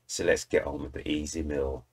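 A man's voice: extremely low pitch, flat delivery, normal speed, vocal fry, husky. A British man hosting a music reaction video, chatting enthusiastically and talking straight to his viewers. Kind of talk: casual reaction commentary.

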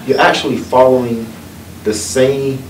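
A man's voice: medium pitch, fairly even intonation, unhurried. A man from North Carolina with a Southern accent, telling folksy personal stories that turn motivational at a book event. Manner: folksy, earnest, building to uplifting points. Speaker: guest speaker at a book event. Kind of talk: personal storytelling and motivational talk. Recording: echoey room from far off, noisy.

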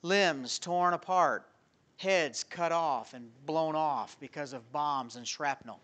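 Male pastor with a bright, somewhat high voice, preaching animatedly in a church and moving between loud and hushed. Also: slow pace. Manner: animated preaching with rhetorical questions, swinging from loud to quiet. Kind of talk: evening sermon. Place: church sanctuary.

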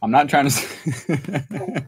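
A man's voice: fairly high pitch, animated, slow, a little hiss or hum, low-quality recording. A man hosting a casual live stream from home, chatty and self-mocking, laughing often. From United States. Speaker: channel host.

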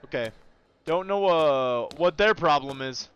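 Jumpy young man, high lively voice. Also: a little slow, noisy background. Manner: profane, jumpy, yelps and shouts when startled. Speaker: gaming video creator. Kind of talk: casual horror game commentary.

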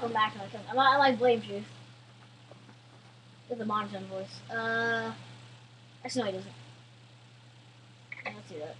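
A young woman doing casual, profane let's play commentary, irritable and halting with fillers. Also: fairly high pitch, fairly even intonation, a bit bright, a little hiss or hum, poor audio.

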